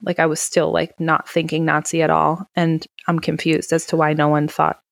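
A woman's voice: deep voice, monotone, normal speed, gravelly, no echo. A woman casually recapping a film on a podcast, acting out the characters' lines with plenty of swearing. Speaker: podcast co-host. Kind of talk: casual movie recap chat.

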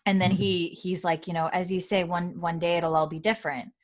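A woman's voice: on the low side, little pitch movement, a little fast. Chatty woman recapping with lots of fillers. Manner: retells scenes with quoted lines, many fillers, laughs often. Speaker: podcast host recapping a TV episode. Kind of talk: casual chat.

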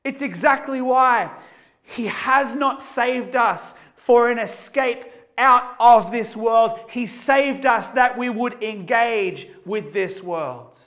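Man, pastor, sermon, high voice, emphatic, rhetorical questions, repetition. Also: slow, a bit bright.

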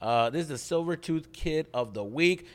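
A man's voice: a little high, normal speed, big-room sound. A man on a podcast telling a rowdy childhood story in casual chat, swearing freely and acting out the people in it. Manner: animated, profane storytelling with acted-out voices. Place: studio.

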